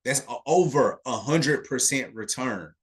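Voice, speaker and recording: A man's voice: mid-range voice, lively intonation, a little slow. A man teaching a live online investing class in a casual way, emphatic and talking straight to his chat audience, repeating key points and checking in with "okay".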